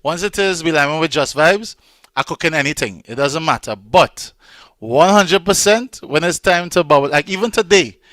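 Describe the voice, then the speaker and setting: A man's voice: a little high, lively intonation, normal speed, fairly bright tone, no echo. A man with a Trinidadian accent hosting an online celebration, chatting loosely and joking, with plenty of fillers, over a video call. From Trinidad and Tobago. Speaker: event host. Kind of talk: casual online event hosting.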